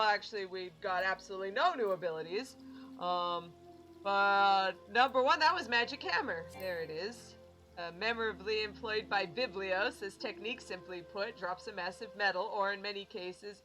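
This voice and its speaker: Bright-voiced woman streamer, giggly. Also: medium pitch, rough recording. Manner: self-deprecating, giggly, reads tooltips aloud with stumbles. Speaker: game streamer. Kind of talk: casual game commentary.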